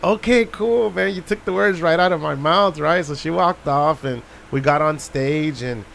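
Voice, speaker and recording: Bright-voiced Texan man telling stories. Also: a little high, normal speed, gravelly, a little hiss or hum. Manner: animated storyteller, mimics people, mixes in Spanish phrases. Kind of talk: casual storytelling chat. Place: radio studio.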